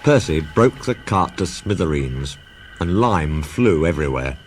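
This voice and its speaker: A man narrating a children's story in an expressive, lively manner, with loud music underneath. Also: a bass voice, measured pace, noisy background.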